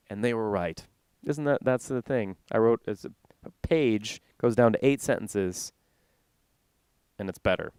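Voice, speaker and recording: A man's voice: lowish voice, measured pace, pauses often, darkish tone, clear, resonant tone, dry recording. Young guy doing standup, rambly, cracks himself up, clean dry mic sound. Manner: rambling, self-interrupting, laughs at own jokes. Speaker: stand-up comedian. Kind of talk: stand-up comedy. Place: conference stage.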